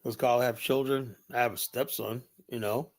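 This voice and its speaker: A man's voice: medium pitch, fairly even intonation, moderate pace. A middle-aged man hosting a livestream, talking off the cuff in a blunt, heated and profane way, rambling and filling gaps with "you know". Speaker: livestream host. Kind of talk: unscripted livestream commentary.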